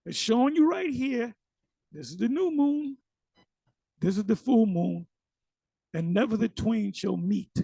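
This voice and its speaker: A man's voice: sits high, animated, a little slow, gravelly, long pauses, mellow, breathy edge, no echo. A man giving casual, emphatic commentary on a sermon video. He often repeats words and uses slang.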